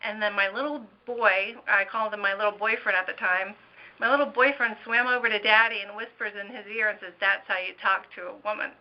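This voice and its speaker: A woman speaking as an interview guest in casual chat, telling family anecdotes in an animated way. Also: medium pitch, brisk. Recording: dull lo-fi audio.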